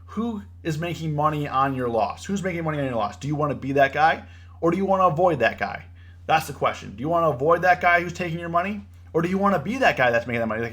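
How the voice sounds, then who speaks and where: Animated young man hosting a trading stream. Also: fairly high pitch, brisk. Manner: animated, preachy, repeats himself, says "bro" and "you know". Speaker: livestream trading host. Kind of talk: casual livestream commentary.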